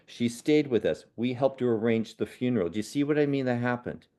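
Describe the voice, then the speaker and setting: A man, a spiritual medium and podcast guest, telling personal stories in an earnest, unhurried way. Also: mid-range voice. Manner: earnest, unhurried, with soft laughs and restarts. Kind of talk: reflective personal storytelling in a podcast conversation.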